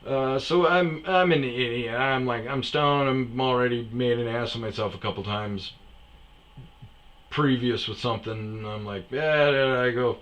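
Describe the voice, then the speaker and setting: A man's voice: medium pitch, measured pace, fairly bright tone, rough recording. A tired man hosting a casual, rambling storytelling monologue, chuckling and acting out his friends' lines. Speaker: storyteller host.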